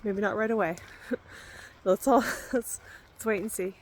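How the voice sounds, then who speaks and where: A woman's voice: mid-range voice, fairly even intonation, unhurried, a little hiss or hum. A woman vlogger chatting casually and unscripted to camera outdoors in a forest, rambling and correcting herself as she goes.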